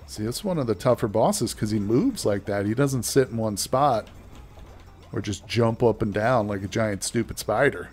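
A man's voice: lowish voice, animated, moderate pace, darkish tone. A man giving casual, chatty gameplay commentary as a let's play host, joking with his viewers as he plays.

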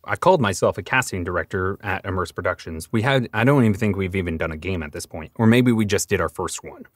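Low-voiced man telling stories, dry sound. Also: quick pace, no echo. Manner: storytelling, acts out conversations. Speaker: voice actor guest. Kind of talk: casual podcast interview.

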